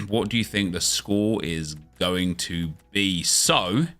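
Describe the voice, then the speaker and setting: With faint music behind him, a man running a gaming livestream banters rapidly with his viewers and then ramps up into an energetic, upbeat video-host intro. His voice is low-pitched with a sharp tone.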